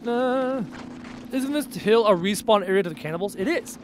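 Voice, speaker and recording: Canadian guy streaming a game, kinda high voice, sarcastic chatty banter, faint music behind. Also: lively intonation, normal speed. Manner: chatty and sarcastic, answers chat aloud. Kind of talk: casual live-stream chat while gaming.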